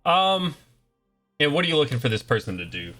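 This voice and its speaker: Bright-voiced man running a tabletop game. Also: fairly high pitch, sing-song, fairly quick. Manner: rambling, many fillers and restarts. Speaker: game master. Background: faint battle music.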